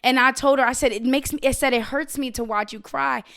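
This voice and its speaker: A woman's voice: high voice, steady tone, brisk, vocal fry, a bit bright. A woman joining a podcast as a guest, chatting openly and swearing casually. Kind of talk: casual chat.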